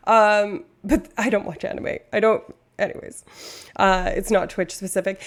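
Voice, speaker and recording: A woman's voice: mid-range voice, fairly even intonation, moderate pace. A young woman from Canada chatting casually on a live stream, rambling and interrupting herself.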